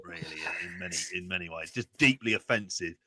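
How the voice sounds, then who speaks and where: A man from London with a Cockney accent, co-hosting a podcast in jokey, animated banter. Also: low-pitched, fast, husky, no echo. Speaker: podcast co-host. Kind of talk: casual chat.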